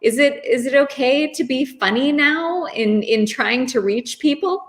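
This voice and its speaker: A woman's voice: sits high, measured pace. A woman hosting a livestream interview over a video call, speaking in a friendly, hesitant way. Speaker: host.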